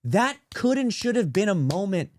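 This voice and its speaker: A man co-hosting a casual sports podcast, telling stories in an animated, frustrated way. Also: high-pitched, normal speed. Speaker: podcast co-host.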